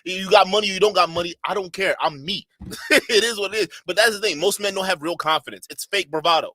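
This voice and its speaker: A man's voice: high-pitched, fast talker, bright, forceful tone, no echo, studio quality. A man giving a blunt, profane reaction commentary, with mocking asides and bursts of laughter. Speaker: streamer commentator.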